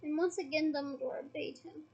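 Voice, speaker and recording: A woman's voice: high voice, fairly even intonation, brisk, vocal fry, darkish tone, dull audio. A woman reading a novel aloud with dramatic expression and chatty asides to her listeners. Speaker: audiobook reader.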